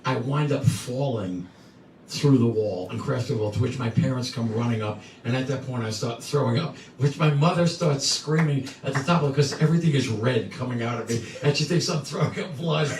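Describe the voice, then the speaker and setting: A man's voice: mid-range voice, a little fast, noisy background. A man in his sixties from the New York area, co-hosting a live music stream and telling a rambling story that repeats words and laughs along the way. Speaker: singer and co-host. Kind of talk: casual storytelling between songs. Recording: echoey room, mic from a distance, music behind.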